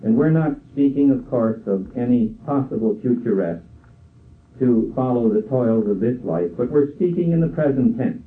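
An older man preaching a sermon in a slow, measured way, quoting scripture. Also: mid-range voice, lively intonation, a little hiss or hum. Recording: tinny phone-like sound from far off.

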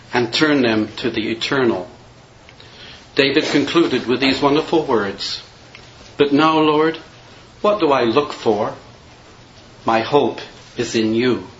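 A man preaching a sermon in a measured, earnest way, reading and quoting scripture verses. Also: medium pitch, a bit bright, highs cut off, a little hiss or hum.

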